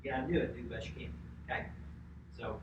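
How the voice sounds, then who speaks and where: A male instructor giving a chatty, energetic classroom lecture and asking the class questions. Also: mid-range voice, fast, far from the mic, lo-fi sound. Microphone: distant room mic. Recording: echoey classroom recorded from afar, noisy.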